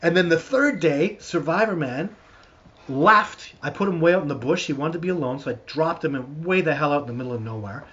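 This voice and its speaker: A man hosting a live stream, answering viewer questions in a rambling, animated storytelling way with lots of restarts. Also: a little high, a little fast. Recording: dull lo-fi stream audio.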